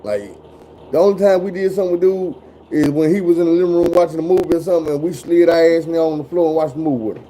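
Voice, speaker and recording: A man's voice: on the high side, fast, warm tone, a little hiss or hum, low-quality recording. A man in his forties telling stories in casual chat, blunt and full of cursing. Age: 40s. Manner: profane, blunt, drawling storyteller.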